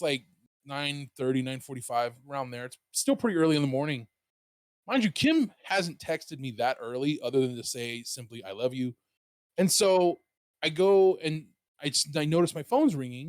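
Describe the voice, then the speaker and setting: A man casually telling a story on his show, rambling and animated, swearing freely. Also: on the high side, no room sound, studio quality. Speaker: streamer and podcast host.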